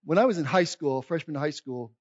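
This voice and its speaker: A man with a fairly high voice preaches in an animated, meandering storytelling style. He circles back and restarts his lines, then jumps into loud, excited outbursts. The recording is close and dry, with a slightly muffled, dull tone. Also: brisk, dry recording. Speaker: pastor. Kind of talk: humorous sermon storytelling.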